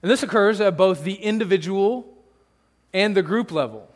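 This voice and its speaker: Man, pastor, sermon, high-pitched, emphatic, conversational, reverberant church hall. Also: moderate pace. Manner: conversational, rhetorical questions, emphatic.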